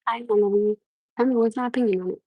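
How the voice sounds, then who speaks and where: With a fairly high pitch and a fast way of talking, a young woman from Norwalk, USA, hosts a casual livestream in a New York-tinged American accent. She animatedly asks viewers over and over for their opinions and often restarts her sentences. The recording is rough, with slight background noise.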